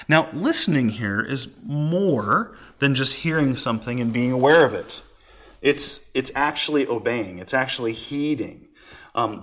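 A man's voice: medium pitch, a bit bright, highs cut off. A man in his forties preaching a sermon in a conversational, folksy way with casual asides. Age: 40s. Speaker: pastor.

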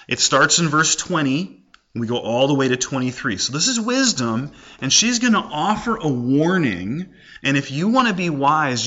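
A man's voice: mid-range voice, bright, forceful tone. A man teaching a casual Bible lesson, talking it through with rhetorical questions and everyday examples. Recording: dull lo-fi recording.

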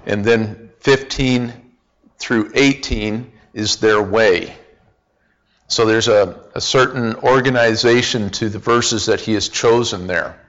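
A man teaching a Bible study lesson, speaking deliberately with frequent pauses and fillers, asking the group questions. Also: fairly low pitch, fairly bright tone, muffled recording. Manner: asks the group questions and repeats answers.

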